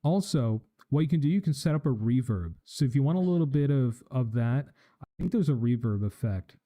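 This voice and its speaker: A man talks through audio settings in a relaxed, explanatory way, as if demonstrating live on a stream. His voice is very dark and mellow, sitting at an ordinary middle pitch. He speaks into a studio microphone in his home streaming room. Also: a little fast. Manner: explanatory, casual, tests mic with test phrases. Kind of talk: live-stream tech tutorial. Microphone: studio microphone with live effects.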